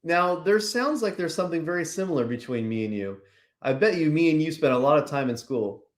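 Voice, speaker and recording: A man's voice: a little high, expressive, a little fast. A man from Pennsylvania, a podcast guest, talking casually and rambling with lots of "like" and "you know". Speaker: podcast guest, business owner. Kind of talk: casual conversational interview.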